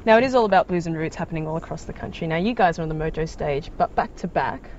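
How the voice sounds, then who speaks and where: A woman co-hosting a radio interview, asking brisk, bright questions. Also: sits low, a little hiss or hum. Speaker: radio co-host. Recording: slightly muffled radio recording.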